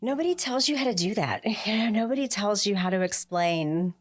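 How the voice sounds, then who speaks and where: A middle-aged woman appears as a podcast guest, sharing a personal story with heartfelt feeling. Her voice is expressive and a little fast, and she lifts her pitch to act out other people's words when quoting them.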